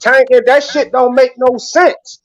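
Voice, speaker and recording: A man with a Baltimore accent hosting a casual podcast chat, ranting in an animated, profane, excitable way. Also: very high-pitched, a little slow, dull audio. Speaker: podcast host.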